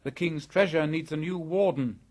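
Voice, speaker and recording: A man voicing a fearless young jungle boy in an audiobook, raised and lively, proud and defiant. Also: on the high side, normal speed, voice pushed up, close to an everyday voice. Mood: stern. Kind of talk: audiobook character voice.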